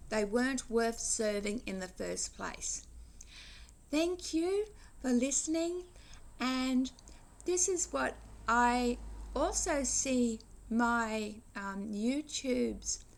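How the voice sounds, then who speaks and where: Speaking slowly in a slightly high, creaky voice, an English woman in her sixties offers an earnest, wandering reflection for her vlog. She keeps restarting sentences while she moralizes.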